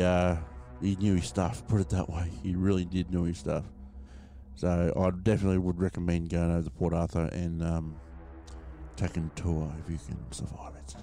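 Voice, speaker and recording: Low, mellow-voiced Australian man rambling. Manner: rambling, swears freely, many fillers. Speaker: podcast host. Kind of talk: casual storytelling.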